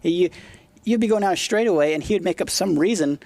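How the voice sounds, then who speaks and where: A middle-aged man with a high voice talks fast as a podcast guest, a retired motocross racer telling blunt, profane stories in a casual interview. He acts out quotes in them; his voice has vocal fry and is slightly mellow, with no echo.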